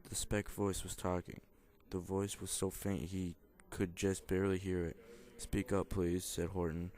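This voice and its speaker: A man's voice: low voice, flat delivery, moderate pace, a little mellow. A young man reading a children's picture book aloud, in a plain, mostly unvoiced way with small stumbles and self-corrections. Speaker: student reader.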